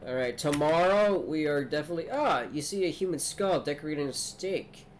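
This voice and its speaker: Man streamer, fairly high voice, easygoing let's play chatter over faint hiss. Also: animated, fairly quick. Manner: casual, addresses chat. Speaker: gaming streamer. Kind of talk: let's play commentary reading game dialogue aloud.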